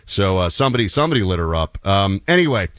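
A man's voice: deep voice, very animated, quick pace, fairly bright tone, no echo, clean studio sound. A man co-hosting a political talk radio show, chatting casually and telling stories with emphatic asides. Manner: conversational, storytelling, emphatic asides.

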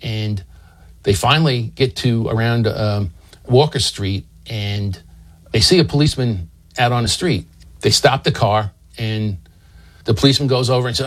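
A man telling a historical story in a relaxed, conversational way, explaining as he goes with small asides and restarts. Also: fairly low pitch, normal speed.

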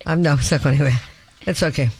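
A woman's voice: low voice, fast talker, darkish tone, husky. A woman hosting a radio talk show, bantering with a guest in a teasing, playful way. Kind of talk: casual interview chat.

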